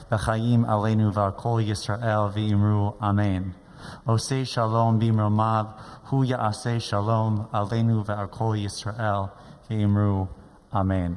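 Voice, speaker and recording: A man leads a worship service in a large sanctuary, his low voice moving briskly through the prayers. He keeps the pitch flat and even, and a long hall reverb trails after each phrase. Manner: steady, even, measured delivery. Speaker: rabbi. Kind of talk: chanted liturgy and service leading.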